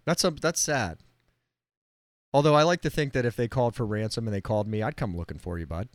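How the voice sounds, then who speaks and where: Dude co-hosting a podcast, laid back and joking, dry close mic. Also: male voice, mid-range voice, fast talker, no echo. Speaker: podcast co-host. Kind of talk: casual chat.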